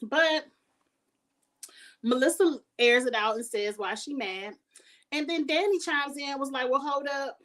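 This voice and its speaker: A woman's voice: sits high, lively intonation, unhurried, long pauses, a bit bright, distant mic. A woman hosting a casual review vlog, recapping a reality show in a sassy, shady, blunt way.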